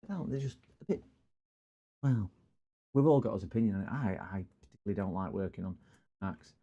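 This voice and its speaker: A man's voice: lowish voice, lively intonation, fairly quick, dark tone, husky, highs cut off. A man with a broad Scottish accent chatting casually on a live stream while repairing computers, greeting viewers and rambling through stories. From Scotland.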